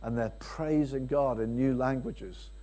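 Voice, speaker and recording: A man preaching a sermon, swinging from emphatic peaks to quiet, low passages and acting out quoted speakers. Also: unhurried. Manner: acts out quoted speakers in dialogue.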